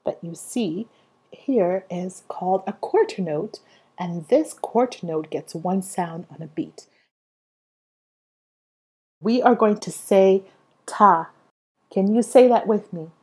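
A young woman's medium-pitched voice, a little mellow and husky, guides small children through a music lesson. Slow and cheerfully sing-song, she encourages them and uses call-and-response to get them saying rhythms with her.

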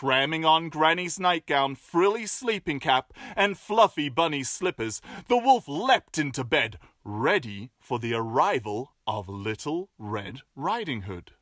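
A storyteller reading a fairy tale aloud with playful asides and expressive delivery. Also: medium pitch, a little slow, hardly any pauses, dry recording, clean studio sound.

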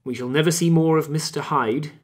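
A man voicing a wry, animated Victorian gentleman in a husky voice. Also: a little high, brisk, pitched above the performer's own voice.

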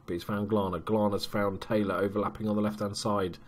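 A man casually commentating his football management game, muttering to himself and bursting into loud cheers. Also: lowish voice, flat delivery, brisk, slight background noise. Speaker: let's play gamer.

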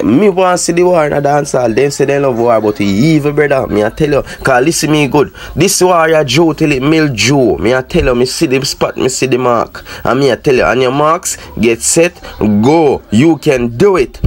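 A man with a Jamaican accent chatting casually to his viewers as a dancehall news commentator, in animated patois. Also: on the high side, normal speed, few pauses.

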